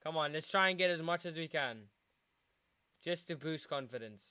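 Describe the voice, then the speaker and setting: Young man, from south africa, football watchalong streamer, smooth clear voice, slightly high pitch, excitable, tired. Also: normal speed. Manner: excitable fan, shouting at big moments, chanting. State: tired, yawning. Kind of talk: live football watchalong commentary.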